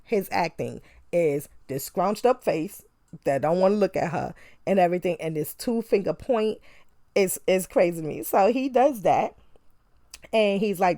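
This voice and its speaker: A woman's voice: low voice, moderate pace, mellow, no echo, clean studio sound. Chatty laughing woman reviewing a movie. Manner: chatty, laughing, sarcastic, acts out quotes from the film. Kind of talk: casual movie review recap.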